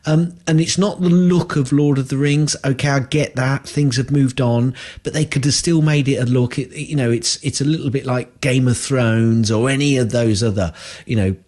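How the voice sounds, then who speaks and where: A man's voice: medium pitch, steady tone, normal speed, a little mellow. A man co-hosting a podcast in casual chat, blunt and grumbling, repeating himself for emphasis. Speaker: podcast co-host.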